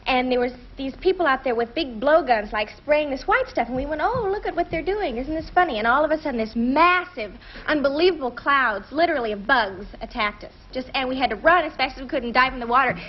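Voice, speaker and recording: Giggly, high-voiced woman telling a story. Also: lively intonation, quick pace, few pauses, a little hiss or hum. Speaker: celebrity guest contestant. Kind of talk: anecdote on a game show. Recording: dull 1970s TV recording.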